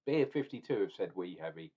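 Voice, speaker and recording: A man's voice: deep voice, big pitch swings, a little fast, dark tone, lo-fi sound. A man ranting and tasting beer in a casual review vlog, opinionated and swearing now and then.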